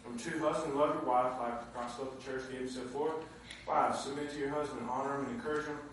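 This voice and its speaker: A man preaching a sermon to a responding congregation, swinging between quiet asides and shouted high points. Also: fast talker, a little hiss or hum. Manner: animated, swinging from low asides to shouted climaxes. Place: church sanctuary with congregation. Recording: very echoey hall, mic from far off.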